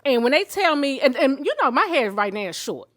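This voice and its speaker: Heartfelt woman in her fifties, higher voice. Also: fairly quick. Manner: heartfelt, candid, emotional storytelling; faith-filled and expressive. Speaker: show host sharing her own story. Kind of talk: personal testimony in conversation.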